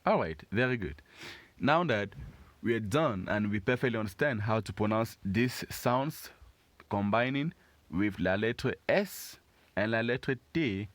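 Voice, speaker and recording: A man giving a patient pronunciation lesson, slowly repeating words and encouraging learners. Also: lowish voice, animated, no room sound. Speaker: French teacher.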